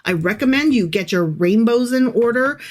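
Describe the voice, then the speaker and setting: A woman's voice: on the high side, lively intonation, moderate pace. A woman co-hosting a podcast, chatting casually and sarcastically, joking as she reads aloud. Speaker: podcast co-host. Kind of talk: casual comedic chat.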